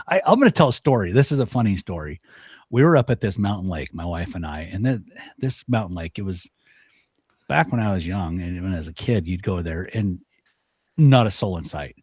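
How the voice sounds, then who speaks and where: A man from northern Idaho, a guest elk-hunting expert, telling stories on a podcast in an animated way and laughing often. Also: deep voice, normal speed, pauses often, breathy edge, no room sound, clean studio sound. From northern Idaho, USA. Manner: animated storyteller, laughs often, acts out voices. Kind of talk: casual podcast storytelling.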